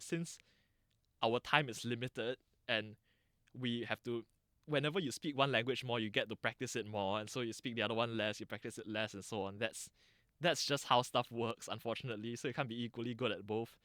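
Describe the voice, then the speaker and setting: A Singaporean man gives long, thoughtful interview answers in a mild lecturing tone. He restarts phrases and fills pauses as he explains. The recording is dry and close. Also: mid-range voice, a bit bright, no room sound. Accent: Singaporean English. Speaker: interviewee, dialect channel founder.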